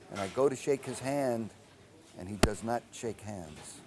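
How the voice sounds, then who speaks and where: Man, low voice, older composer, interview anecdote, animated storytelling, quotes dialogue. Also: moderate pace, noisy background. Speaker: film composer.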